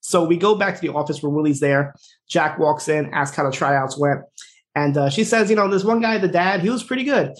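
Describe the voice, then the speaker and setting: Brief: quick, fairly high-voiced male podcast co-host, animated casual recap. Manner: quick, animated retelling with fillers and laughs. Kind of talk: casual chat.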